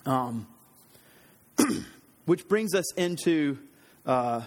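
A man preaching an earnest, conversational sermon, slightly hoarse, often restarting his sentences. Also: fairly high pitch, lively intonation, extremely slow, darkish tone, big-room sound. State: slightly hoarse, throat trouble.

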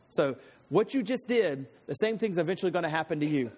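A man with a notably high-pitched voice delivers a casual, teaching-style sermon. He retells scripture in plain everyday slang, like a chatty storyteller talking to friends. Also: expressive, fairly quick, darkish tone, slightly rough. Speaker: pastor.

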